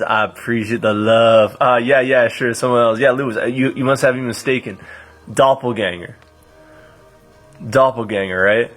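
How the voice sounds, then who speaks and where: A man's voice: medium pitch, a bit bright. A man in his late twenties chatting casually on a live stream, thanking viewers by name as he goes. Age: 20s.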